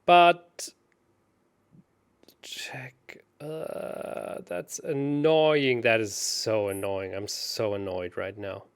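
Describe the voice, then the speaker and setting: A man talks slowly through a chess puzzle, thinking aloud and often stopping to correct himself. His voice has a gravelly, creaky edge. He pokes fun at his own mistakes. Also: lowish voice, steady tone. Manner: thinks aloud, hesitant, self-mocking. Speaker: chess co-host solving puzzles. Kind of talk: casual puzzle-solving chat.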